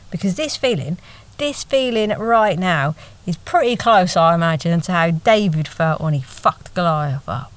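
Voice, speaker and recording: A woman's voice: lowish voice, animated, a little slow. A young woman narrating her own story in a wry, conversational way, swearing freely and now and then dropping to a whisper. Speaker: podcast narrator and host. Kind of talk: first-person storytelling narration.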